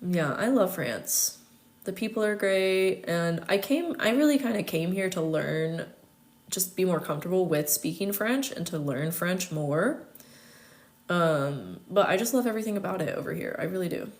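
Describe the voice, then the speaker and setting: Young American woman, casual livestream host, somewhat low voice, chatty and filler-heavy, laughs easily. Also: expressive, normal speed. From United States.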